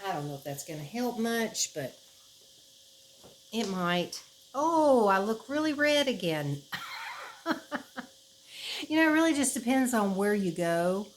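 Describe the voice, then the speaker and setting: A woman's voice: mid-range voice, very animated, measured pace, pauses often, slight background noise, poor audio. Chatty woman vlogging at home. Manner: rambling, chatty storytelling with many fillers and laughs. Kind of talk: casual chat to camera. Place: her house, indoors.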